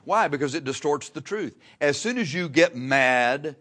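A man's voice: fairly high pitch, lively intonation, measured pace, fairly bright tone. A man preaching a sermon in a plain-spoken, folksy way, pushing key words with emphatic rises and repeating phrases for effect. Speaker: pastor.

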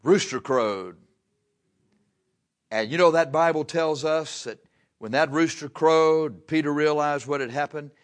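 Folksy preacher telling a story. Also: male voice, on the high side, unhurried. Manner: folksy storytelling, acting out voices in dialogue. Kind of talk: sermon.

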